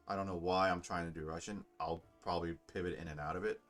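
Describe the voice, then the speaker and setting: A man's voice: sits low, flat delivery, quick pace, few pauses, a bit bright, faint music behind. A man casually commenting on and reading aloud from a game, rambling with fillers and self-corrections. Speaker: gamer playing and narrating.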